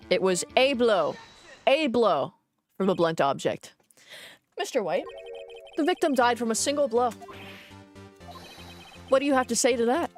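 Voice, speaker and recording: A woman streaming a game in casual commentary, playful and cursing, reading the game's text aloud as she goes. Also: on the high side.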